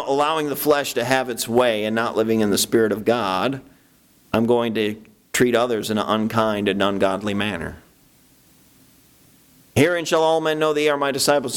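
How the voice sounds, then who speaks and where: A man preaching a sermon as pastor, talking conversationally with restarts and jumping into a high voice to act out his own thoughts. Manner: animated, acts out his own inner voice in sudden high bursts; conversational, with frequent restarts and "you know".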